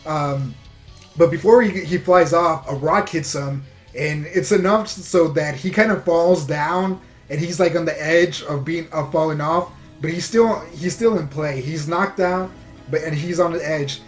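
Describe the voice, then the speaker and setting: A man with a slightly raised voice talks through an episode recap in a loose, rambling way, stumbling over words and leaning on fillers. Faint music plays quietly behind him. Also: fairly high pitch, unhurried. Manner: rambling, filler-heavy retelling with frequent restarts. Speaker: anime reviewer.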